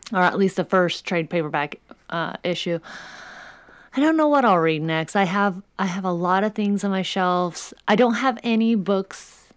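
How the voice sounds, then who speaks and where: A chatty woman co-hosting a casual podcast chat. She talks in an easy, conversational way and acts out quotes with lively asides. Her voice is recorded dry and close, with no room sound. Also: lowish voice, smooth, no echo. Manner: chatty, animated retelling. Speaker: podcast co-host.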